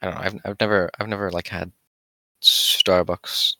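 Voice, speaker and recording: A teenage boy with a bright, sharp voice talks loosely on a podcast, full of "like"s and offhand swearing. His voice sounds close and dry, with no room around it. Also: deep voice, little pitch movement, moderate pace, creaky, no room sound. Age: teens. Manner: laughing, swears casually, filler-heavy. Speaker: podcast co-host. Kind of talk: casual chat.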